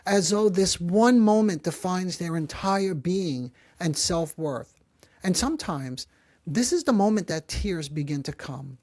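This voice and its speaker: A man hosting a psychology podcast, who explains calmly and gently and slows down to stress key phrases. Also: sits high, dry recording. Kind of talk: calm explanatory talk.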